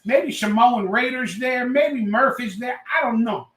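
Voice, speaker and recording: Loud, rambling tipsy man, high voice. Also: unhurried, echoey room. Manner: rambling, loud, reads chat aloud. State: a little tipsy. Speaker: livestream host. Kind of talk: casual livestream chat.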